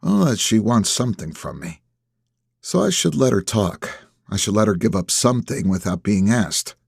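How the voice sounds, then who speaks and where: A man narrating an audiobook in first person, with a measured, terse delivery. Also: fairly low pitch, sing-song, vocal fry, breathy edge, dry recording, studio quality.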